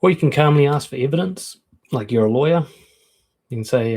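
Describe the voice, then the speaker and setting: A man's voice: medium pitch, animated, fairly quick, pauses often, darkish tone. A man, a dating and confidence coach, giving frank, conversational advice and acting out quoted comebacks. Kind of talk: casual advice talk to camera.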